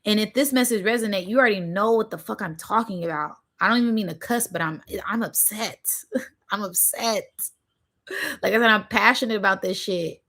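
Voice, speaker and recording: Speaking fast with hardly any pauses, a young woman in a bright, mid-range voice pours out an emphatic monologue on her spiritual livestream. It's preachy and profane, full of "right?" and "y'all," and she's emotional, nearly crying.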